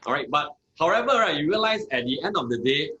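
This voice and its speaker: A man who is a chemistry teacher, explaining in a measured way with frequent fillers. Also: fairly high pitch, expressive, sharp tone, poor audio. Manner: measured, many "uh" and "okay" fillers. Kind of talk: conversational explanation.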